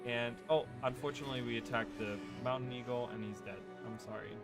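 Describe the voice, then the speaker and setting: A man of middle pitch chats through a game playthrough in a loose, rambling way, peppering his talk with fillers and quick "right?" asides. He speaks into a desk microphone, and game music runs clearly underneath the whole time. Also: fairly even intonation. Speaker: gaming channel host. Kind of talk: casual let's-play commentary.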